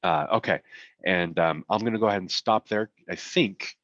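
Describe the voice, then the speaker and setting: Low-voiced man giving a relaxed webinar talk. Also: moderate pace, dry recording, lo-fi sound. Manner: conversational, self-deprecating asides. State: voice getting tired. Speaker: cybersecurity presenter. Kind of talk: webinar presentation.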